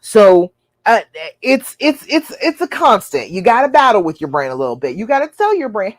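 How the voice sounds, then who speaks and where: A woman's voice: medium pitch, big pitch swings, moderate pace, dry recording. A woman hosting a live relationship-coaching show, answering viewer questions in an earnest, encouraging way and acting out imagined inner voices.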